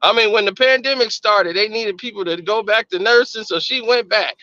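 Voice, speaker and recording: A man's voice: high voice, a little fast, bright, forceful tone, no room sound, highs cut off. A man co-hosting a podcast, telling dating stories in casual chat. He laughs often and acts out quoted dialogue. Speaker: podcast co-host.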